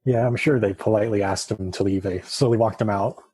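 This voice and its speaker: A man co-hosting a casual sports talk podcast, relaxed and joking. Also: on the low side, a little fast, breathy edge, no echo. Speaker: podcast co-host.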